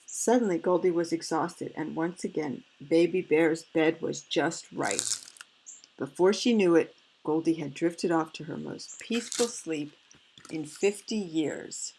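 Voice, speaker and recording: A woman reading a picture book aloud, stopping for gentle, fretful asides. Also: low voice, a little slow, vocal fry, a little hiss or hum, poor audio. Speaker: storyteller.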